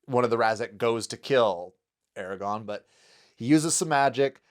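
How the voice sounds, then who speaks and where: A man's voice: medium pitch, lively intonation, moderate pace. A man co-hosting a casual film discussion podcast, enthusiastic, laughing often and acting out quotes. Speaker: podcast co-host.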